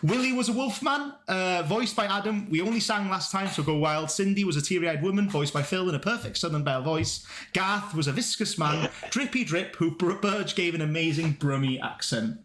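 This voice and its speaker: A man's voice: sits high, expressive, normal speed, few pauses, a bit bright. A man, host of a live script read, reading the stage directions and laughing often. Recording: echoey room.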